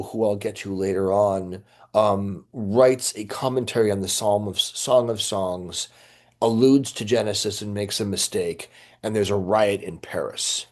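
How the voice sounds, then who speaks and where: A middle-aged man's voice, on the low side and a little mellow, belongs to a priest teaching church history. He answers questions in an informal lecture, rambling with many fillers and restarts.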